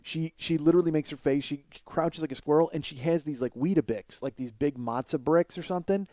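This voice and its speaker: A middle-aged man spins a comic story at a rapid clip, rambling and swearing freely as he mocks himself. His voice sits a little high for a man yet sounds dark and mellow. The recording is close and dry. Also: dry recording. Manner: rambling, profane, self-mocking. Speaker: podcast host. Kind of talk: comedic storytelling monologue.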